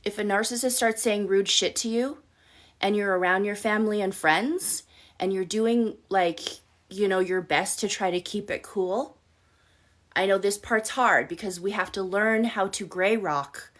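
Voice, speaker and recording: A woman coaching her audience live in a medium-pitched voice, frank and unfiltered, swearing casually as she lays out tips. She keeps checking in with her listeners between points, direct and conversational. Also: a little slow. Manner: blunt, profane, direct coaching tone; addresses listeners with frequent "okay?" check-ins. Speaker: life coach and host. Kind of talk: live-stream advice talk.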